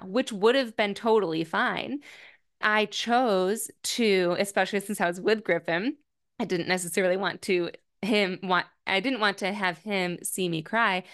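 A woman's voice: medium pitch, fairly bright tone. A woman in her thirties, a podcast host, talking alone about her feelings in a candid, thoughtful way, often saying "like". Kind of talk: reflective personal monologue.

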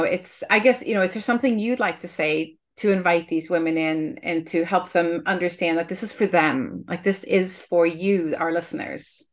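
A woman hosts a heartfelt podcast conversation in a fairly low voice. She speaks earnestly and reflectively, often restarting a thought before she finishes it. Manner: earnest and reflective, with frequent restarts and soft laughs. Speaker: podcast host.

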